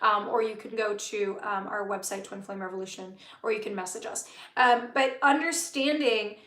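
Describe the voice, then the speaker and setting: A woman working as a spiritual business coach hosts a live-stream talk, speaking earnestly with many fillers and repeated phrases. Her mid-range voice is pushed and bright at a moderate pace, and the sound is reverberant.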